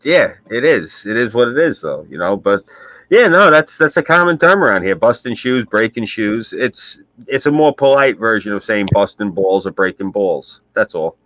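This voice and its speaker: A man's voice: lowish voice, very animated, moderate pace, fairly bright tone, no echo, poor audio. New york guy on a stream, swearing a lot, dry close sound. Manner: brash, profane storyteller. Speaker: stream host. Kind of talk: casual chat.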